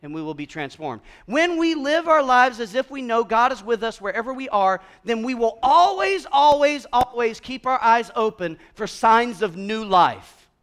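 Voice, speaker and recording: A man preaching a conversational sermon, moving from hushed, slow passages to loud, emphatic ones. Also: very high voice, big pitch swings. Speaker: pastor.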